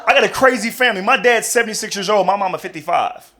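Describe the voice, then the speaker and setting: A young man doing a stand-up comedy set on a club stage, talking casually and jumping into loud high voices for the people in his stories. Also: fast talker, crowd noise. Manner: animated, jumps into loud high-pitched voices for characters.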